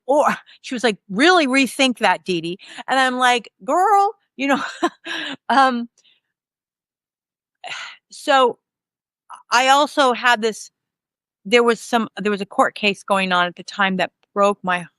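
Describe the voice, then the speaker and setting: A woman in her fifties, a guest in an interview, telling candid stories in a rambling, animated way and acting out the dialogue. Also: mid-range voice, clear, resonant tone, no echo. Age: 50s. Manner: rambling, animated, acts out quoted dialogue with laughs.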